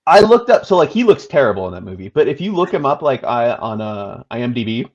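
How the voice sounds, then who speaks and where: A man's voice: medium pitch, sing-song, fast talker, muffled recording. A man co-hosting a casual movie chat, making dry, wry remarks. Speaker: co-host.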